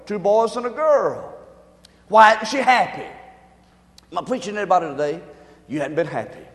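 A man preaching a sermon in call-and-response style, swinging from quiet murmurs to shouts, in an echoey hall. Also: high voice, expressive, brisk.

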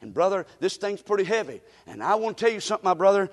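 Animated preacher in a reverberant hall. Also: male voice, quick pace, hardly any pauses. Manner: animated preaching, swings from low asides to shouting. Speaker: pastor. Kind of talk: sermon.

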